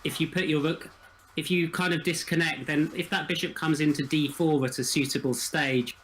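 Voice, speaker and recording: Calm man analysing chess in a roomy echo. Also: on the high side, normal speed, a little hiss or hum. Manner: calm, methodical, talks through variations.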